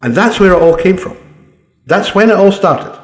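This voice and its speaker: A Scottish commentator delivers a blunt, combative opinion monologue, swearing freely. His voice sits high and sounds animated at a normal speed, and the recording has a roomy echo.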